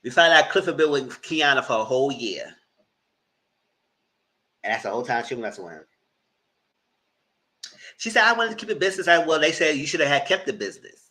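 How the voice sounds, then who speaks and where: A man giving live commentary on a reality TV show, animated and cussing, mocking the people in it. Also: medium pitch, normal speed, long pauses, rough recording. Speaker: reality TV reviewer.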